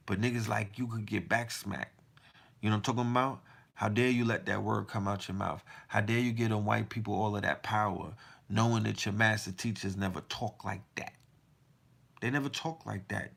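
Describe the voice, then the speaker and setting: A man's voice: lowish voice, gravelly, fairly bright tone, breathy edge. A man hosting a podcast, delivering a heated, profane monologue full of rhetorical questions. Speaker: podcast host.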